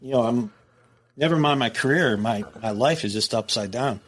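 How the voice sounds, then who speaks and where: A middle-aged man from the United States, a former prison captain, telling a story as a podcast guest in a casual, profane, animated way. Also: mid-range voice, normal speed. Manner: profane, animated storytelling, acts out quoted dialogue.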